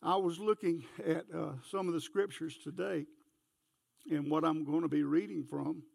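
Older guy preaching, real gravelly voice, high-ish, dry close sound, folksy storyteller. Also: steady tone, moderate pace, darkish tone, dry recording. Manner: folksy storytelling, barks like a dog. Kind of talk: folksy sermon.

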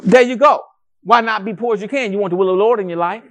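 A male pastor preaching a sermon to a congregation in a church, animated and conversational, with rhetorical questions and calls to the congregation. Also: high voice, fast. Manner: addresses the congregation as family, calls for responses.

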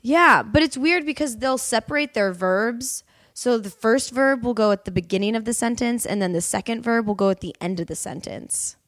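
A young woman, a podcast guest and actress, chatting and telling animated stories. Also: on the high side, normal speed. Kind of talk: casual chat.

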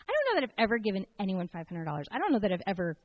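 A woman's voice: medium pitch, very fast, lo-fi sound. A middle-aged woman telling an emotional personal faith story in a sermon-like way, acting out the voices in her story. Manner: emotional, animated storytelling with quoted dialogue. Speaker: speaker sharing a testimony. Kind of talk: sermon-style personal testimony.

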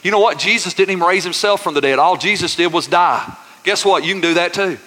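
A man's voice: high-pitched, fast, sharp tone. A pastor preaching a sermon, folksy and full of call-and-response with his congregation. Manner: folksy, says y'all. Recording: reverberant church hall.

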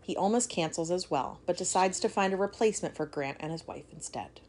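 A woman's voice: fairly low pitch, lively intonation, brisk, darkish tone, slight background noise. A woman co-hosting a podcast, reading a history story aloud and breaking off to joke and swear. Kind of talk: casual storytelling chat.

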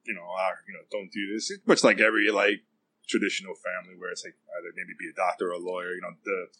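A man's voice: low voice, little pitch movement, fast, pushed and bright, poor audio. A man in casual chat who rambles with lots of fillers and dry humor.

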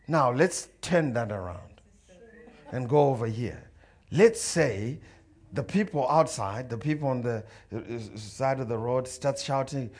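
A man's voice: medium pitch, lively intonation, moderate pace, darkish tone. A man preaching a sermon, telling stories and acting out dialogue and the voices of others. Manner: storytelling, acts out dialogue and crowd voices. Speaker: pastor.

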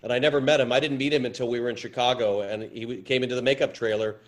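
Male actor guest, mid-pitched, stop-start storyteller, repeats himself. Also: steady tone. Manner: halting, repeats words, storytelling. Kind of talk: anecdotal interview chat.

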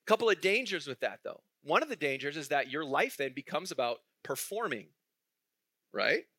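Preaching conversationally, a male pastor questions his congregation and chuckles through his anecdotes at a moderate pace. His slightly high voice is very animated, pushed and bright, and the recording is dry with clean studio sound.

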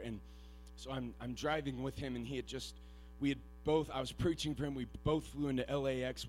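A man with a medium-pitched voice preaches a sermon, earnest and self-deprecating. He shifts between hushed, halting storytelling and loud, shouted exhortation.

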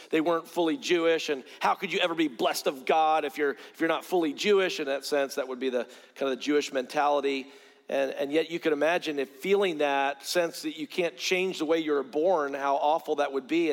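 Earnest preacher man in a reverberant hall. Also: a little high. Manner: earnest, repeats words when starting phrases. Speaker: pastor. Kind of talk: sermon.

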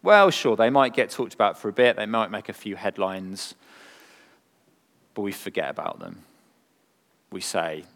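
A man preaching a sermon, earnest and full of rhetorical questions, moving from emphatic lines to hushed ones. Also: lowish voice, sing-song, unhurried, pauses often. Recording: long hall reverb.

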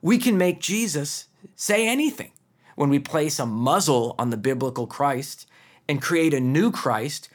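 A man preaching a sermon, earnest and emphatic, with pointed rhetorical questions. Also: medium pitch.

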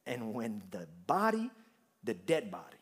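A man preaching a sermon, moving from quiet, humorous storytelling to loud, rising preaching. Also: medium pitch, wildly swooping pitch, a little slow, breathy edge. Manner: humorous, conversational asides. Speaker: pastor.

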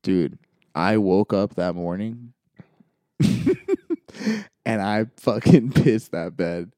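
A young man tells funny stories in a loose, casual chat and acts out the people in them. His tone is warm and mellow. The sound is dry, with no room echo. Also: sits low, takes it slowly. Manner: animated anecdotes, acting out quoted voices.

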